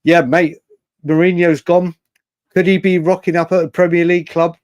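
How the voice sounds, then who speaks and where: A man hosting a late-night live fan stream, rambling and excitable, thanking chat viewers by name. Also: high voice, normal speed, no echo. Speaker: fan channel host.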